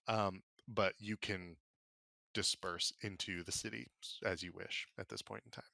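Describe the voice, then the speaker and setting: A man narrating as game master for a tabletop game, relaxed and casual, with many fillers. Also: fairly low pitch, no echo. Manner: relaxed, filler-heavy narration with quick voiced bits for side characters.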